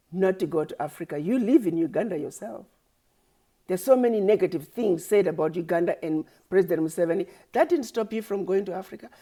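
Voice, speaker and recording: A woman with a low, slightly mellow voice gives a fervent direct-to-camera speech as an activist. It's preachy and accusatory, built on rhetorical questions and recurring refrains.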